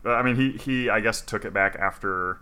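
Laid-back man with a low, bright voice. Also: moderate pace, smooth. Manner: laid-back, filler-heavy, swearing. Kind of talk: casual chat.

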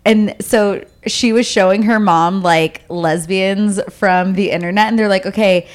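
A woman's voice: medium pitch, fairly even intonation, unhurried. Young woman co-host, rambling filler-heavy chat. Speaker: podcast co-host. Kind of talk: casual chat.

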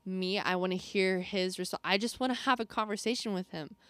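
A woman's voice: medium pitch, fairly quick, no room sound. Chatty young woman, dry close sound. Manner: animated, chatty, many fillers. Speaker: podcast co-host. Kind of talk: casual faith chat.

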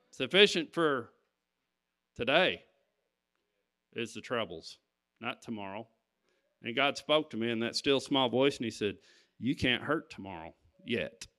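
Guy preaching, bright forward voice, tells a story and keeps asking amen. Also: medium pitch. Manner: storytelling, calling out "Amen?" to the congregation. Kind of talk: sermon testimony.

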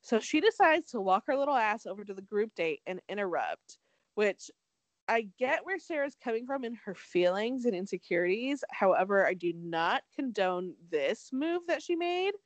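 A young woman co-hosting a podcast recaps a reality show in a chatty, sarcastic style, swearing and saying "like" constantly. Her mid-range voice swings widely in pitch at a normal speed. The recording is dry.

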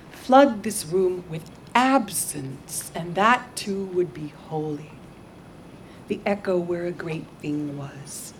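A woman's voice: medium pitch, slight background noise. A woman poet performing her poems at a live reading, intense and dramatic by turns and wry and self-mocking by turns. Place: outdoor backyard venue.

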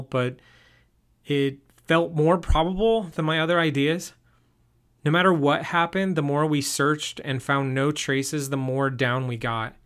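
A man narrating a first-person story in an even, steady reading voice. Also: on the high side, clear, resonant tone.

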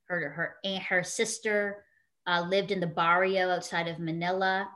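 Woman, interview guest, low-pitched, earnest, heartfelt storytelling, fillers. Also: little pitch movement, normal speed, a bit bright. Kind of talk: emotional personal storytelling.

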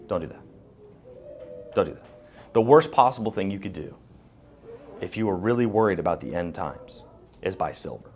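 At a live event, a podcast host with a somewhat low voice takes audience questions, hammering his points home through repetition. He sounds forceful, plain-spoken and emphatic, almost like a preacher, with lively intonation, normal speed and long pauses. There's slight background noise.

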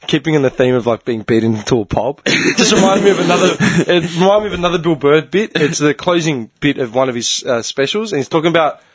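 A man's voice: a little high, expressive, brisk. A man chatting casually on a podcast, blunt and swearing. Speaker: podcast co-host. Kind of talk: casual chat.

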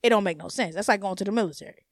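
A young woman hosting her own podcast, ranting in a blunt, profane, animated way and laughing often. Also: mid-range voice, rapid-fire, no echo, studio quality. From United States. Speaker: podcast host. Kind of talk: casual solo podcast rant.

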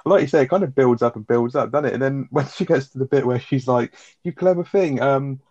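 A man's voice: mid-range voice, brisk, a little mellow. A man co-hosting a casual chat about a sitcom episode, rambling with fillers and the odd swear. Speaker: podcast co-host. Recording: dull lo-fi sound.

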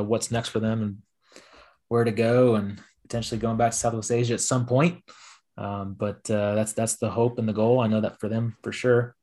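A man hosting a casual podcast, rambling through his thoughts and pausing often. His voice sits on the low side. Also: a little mellow. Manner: rambling, many fillers and restarts. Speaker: podcast host. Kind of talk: casual chat.

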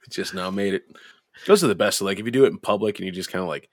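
Casual co-host, low male voice, crude and chatty, acts out quotes; dry booth sound. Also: fairly quick, no room sound. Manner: profane storytelling, lively quoted voices. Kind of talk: casual chat.

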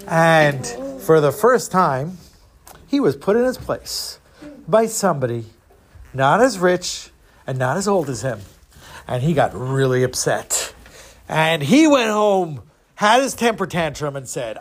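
A man's voice: fairly high pitch, measured pace. Playful man retelling a folktale. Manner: playful, animated storytelling with voices. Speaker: storyteller.

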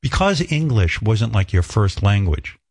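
A male talk show host with a fairly low voice teases his guest with deadpan jokes. He speaks in slow, deliberate phrases and lets each line land. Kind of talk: comedic interview.

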